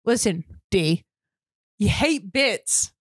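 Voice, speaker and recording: A woman's voice: medium pitch, animated, takes it slowly, slightly rough, no room sound. A bubbly young woman co-hosting a podcast in casual chat, laughing often, on a close mic. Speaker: podcast co-host.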